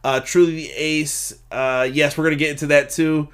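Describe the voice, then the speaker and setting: A man with a slightly high, smooth voice hosts a casual live-streamed wrestling review podcast at a normal speed. He recaps matches animatedly, acting out quotes and laughing at the chat.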